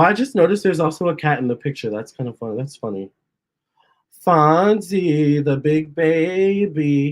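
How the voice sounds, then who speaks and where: A medium-pitched man who is a tarot reader and channel host runs a casual storytime, reading viewer comments aloud. He's chatty and animated, frequently pausing to talk to his cats.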